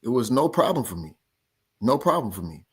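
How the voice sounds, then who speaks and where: A man's voice: medium pitch, brisk, breathy edge. Fired-up man ranting. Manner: animated, repetitive, argumentative. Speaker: boxing show host. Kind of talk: heated casual rant.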